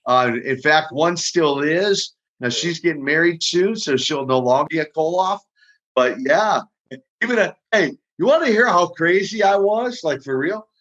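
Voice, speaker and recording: An older man, a guest on an interview show, telling lively stories and often repeating his words as he goes. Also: fairly high pitch, moderate pace. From Minneapolis, US Midwest. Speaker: guest, retired pro wrestler. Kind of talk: casual storytelling interview. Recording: dull lo-fi audio.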